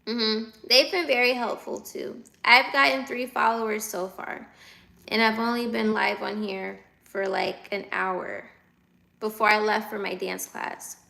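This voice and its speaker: A woman's voice: mid-range voice, flat delivery, unhurried, creaky, pushed and bright. A woman in her twenties chatting casually on a livestream from her phone, reading out viewer comments and answering them. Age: 20s.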